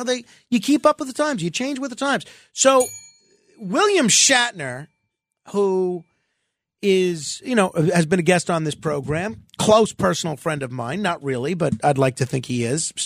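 Sarcastic talk radio host, high and gravelly. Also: male voice, dry recording. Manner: sarcastic, mock-exasperated, chatty asides. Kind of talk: opinionated talk radio commentary.

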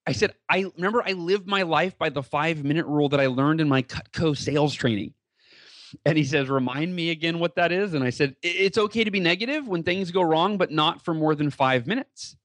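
A man telling a personal story as a podcast guest, earnest and animated, with many fillers and restarts. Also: on the high side, brisk, no room sound. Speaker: guest speaker.

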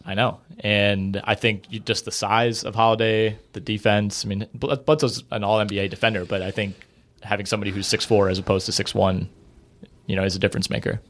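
A man's voice: on the low side, flat delivery, a little fast, fairly bright tone. A man co-hosting a podcast, talking through basketball trades in a casual, conversational way with lots of fillers. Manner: conversational, hedging with many fillers. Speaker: podcast co-host.

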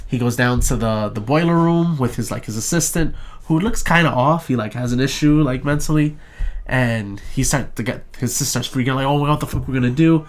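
Rambling, profane young man recapping a movie. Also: medium pitch. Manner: rambling, profane, acts out characters' lines in quick impressions. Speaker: podcast co-host reviewing a movie. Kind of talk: casual chat.

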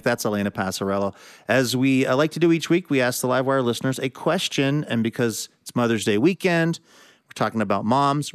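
A man hosting a radio show, chatting in an easygoing, relaxed way with his co-host. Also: medium pitch, clear, resonant tone, dry recording, clean studio sound.

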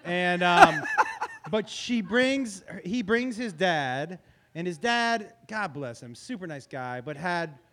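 A man's voice: sits high, slow pace. A man hosting a casual chat, telling funny stories with laughter and profanity. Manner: animated, laughing, profane storyteller. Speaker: podcast host and comedian.

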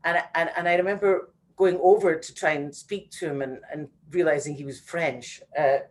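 A woman from Scotland, a singer being interviewed over a video call, telling stories with lively acted-out quotes. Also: sits low, moderate pace. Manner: lively storyteller, acts out quotes. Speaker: guest singer. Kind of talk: casual interview chat.

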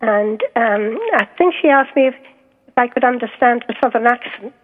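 A woman's voice: fairly high pitch, normal speed. Scottish woman author on a phone line. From Scotland. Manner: hesitant, many ums and restarts. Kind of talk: interview over the phone.

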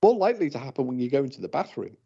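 A man's voice: medium pitch, sing-song, rapid-fire, gravelly, dark tone, breathy edge. A man co-hosting a paranormal radio talk show, speaking in a casual, hesitant way with many fillers and restarts. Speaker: paranormal investigator, co-host. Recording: dull lo-fi radio audio.

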